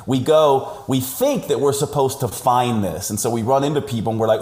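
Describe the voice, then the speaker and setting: A man joins a podcast over a call and tells his story with animated emphasis. His voice sits in a middle pitch. The sound is roomy, with echo around it. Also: normal speed. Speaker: podcast guest. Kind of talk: conversational storytelling. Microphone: remote call audio.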